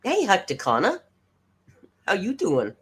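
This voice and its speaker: A woman's voice: mid-range voice, wildly swooping pitch, unhurried, husky. A woman hosting a casual livestream reaction, sarcastic and swearing freely as she reads comments aloud. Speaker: reaction streamer host.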